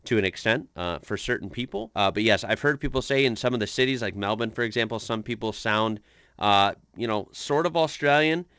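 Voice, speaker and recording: A man's voice: on the low side, lively intonation, brisk, a bit bright, clear, resonant tone, no echo, studio quality. An American man hosting a reaction video, rambling and thinking aloud in casual commentary.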